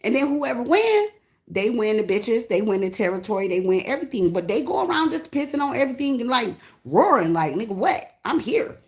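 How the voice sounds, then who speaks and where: A woman giving a casual tarot reading, blunt and profane, with an animated delivery. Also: on the high side, brisk. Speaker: tarot reader. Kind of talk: casual spiritual reading monologue.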